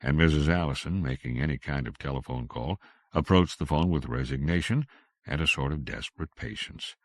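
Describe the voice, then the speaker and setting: Male audiobook narrator: deep, creaky, expressive; dry close-mic studio read. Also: fairly quick, dry recording. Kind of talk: scripted narration.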